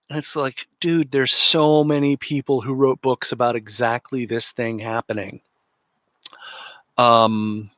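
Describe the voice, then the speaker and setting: A man's voice: medium pitch, a bit bright, no echo. A man hosting a political commentary livestream, talking in an indignant, sarcastic way. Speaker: livestream host.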